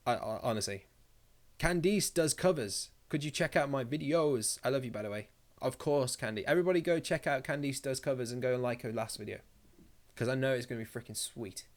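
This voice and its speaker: A man chatting on his live stream in a loose, rambling way, reading viewer comments and firing off jokes. He swears freely and goes off on tangents, with a middle-pitched voice. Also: fairly quick.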